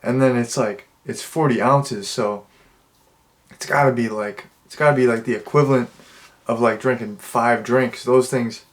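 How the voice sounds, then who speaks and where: A man's voice: mid-range voice, steady tone, normal speed. A young man giving a casual, rambling movie review in a dim room, full of "like" fillers and restarts. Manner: rambling and laid-back, with many "like" fillers and restarts. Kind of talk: casual spoken film review. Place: dimly lit room indoors.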